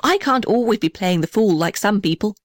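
A woman's voice: medium pitch, expressive, fairly quick, dry recording, studio quality, lightly acted. A woman voicing a sulky young male house who sighs and pities himself. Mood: snappish. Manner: whiny, sighing, self-pitying.

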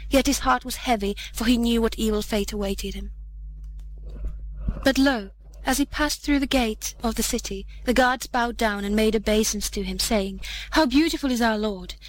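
Brief: a woman storyteller, measured, slightly high, reading a classic fairy tale. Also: a little hiss or hum, rough recording. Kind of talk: fairy tale read aloud.

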